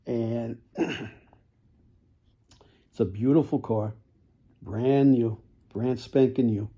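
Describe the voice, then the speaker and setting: A man selling toy cars in a casual video, with folksy sales patter, repeated words and frequent throat clearing. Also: medium pitch, fairly even intonation, drawn-out words, mellow. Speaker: toy car seller.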